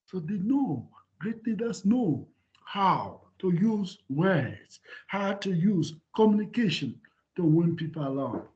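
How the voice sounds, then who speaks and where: A man, a professor, giving a university lecture in an animated way and often asking his students whether they follow. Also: high-pitched, slow. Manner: animated, repeats "can you see?". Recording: dull lo-fi lecture recording.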